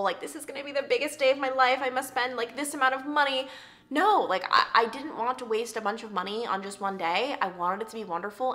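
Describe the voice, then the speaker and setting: A young woman from Long Island, New York, chatting casually to camera in a vlog, her voice worn hoarse, full of "like" fillers. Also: medium pitch, bright, forceful tone. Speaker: lifestyle vlogger. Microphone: camera mic, sitting at camera.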